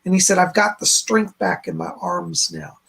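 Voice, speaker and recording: A man hosting a live-stream psychic reading, relaying spirit messages in a gentle, reassuring way and repeating "she said" as he goes. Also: sits high, normal speed, vocal fry, slightly rough. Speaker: psychic medium host.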